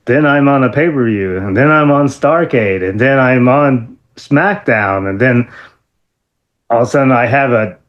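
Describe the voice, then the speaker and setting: Middle-aged guy rambling through wrestling stories, keeps jumping way up high when he's excited, laughs a lot, lots of "you know". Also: unhurried, lo-fi sound. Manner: excitable, many fillers, jumps into high-pitched quoted outbursts, laughs often. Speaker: interview guest, former wrestler. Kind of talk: animated storytelling.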